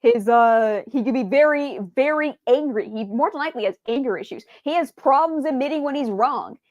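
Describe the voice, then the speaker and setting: A woman's voice: high voice, animated, a little fast, darkish tone, no room sound, lo-fi sound. A woman streamer chatting casually, rambling with many fillers and restarts, stumbling over her words and answering viewers' chat.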